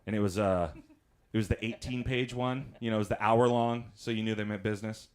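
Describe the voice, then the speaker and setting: A man's voice: fairly low pitch, fairly even intonation, fairly quick. A man doing stand-up comedy, telling chatty stories, laughing at his own jokes and acting out voices.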